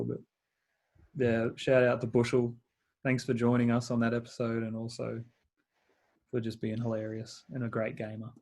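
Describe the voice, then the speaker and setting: A man's voice: medium pitch, flat delivery, normal speed, a little mellow. A man hosting a casual gaming podcast, laid-back and swearing freely, laughing often. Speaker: podcast host. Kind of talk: casual chat.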